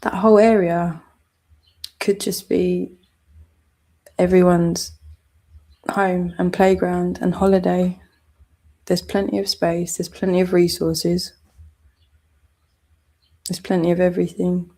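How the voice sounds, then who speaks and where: A woman's voice: on the low side, little pitch movement, slow pace, pauses often, mellow. A British woman with a southeast English accent, delivering a heated, accusatory vlog rant full of swearing. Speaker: channel owner.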